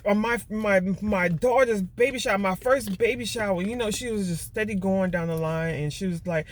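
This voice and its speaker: A woman's voice: mid-range voice, normal speed, slight background noise. Woman, middle-aged, casual vlog storytelling, emotional venting, repeats herself, stumbles on words. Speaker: vlogger mom.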